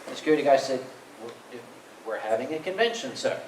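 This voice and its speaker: A man's voice: mid-range voice, fast. A man with a Southern US accent, a convention staff panelist telling comic stories to a live audience. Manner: animated, comic storyteller. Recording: roomy hall, distant, faint noise.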